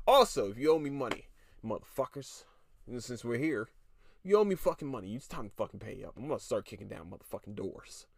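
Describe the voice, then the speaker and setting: A man's voice: mid-range voice, sing-song, gravelly, breathy edge, dry recording, studio quality. A tired podcast host, a man, ranting casually with lots of swearing and stammered restarts. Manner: irritated, profane, rapid restarts and stammers.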